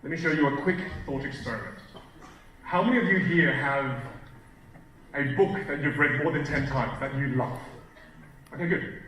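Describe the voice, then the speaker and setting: A man coaching a live seminar audience from a stage, animated, shifting his volume and pace for emphasis. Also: medium pitch, moderate pace, long pauses. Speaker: communication coach. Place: stage in a large hall. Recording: very echoey hall, distant mic, faint hiss.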